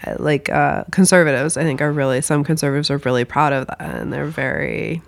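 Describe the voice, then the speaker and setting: A woman's voice: low voice, brisk, gravelly. A woman co-hosting a podcast in casual chat, hesitant with many fillers, losing her voice. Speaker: podcast co-host.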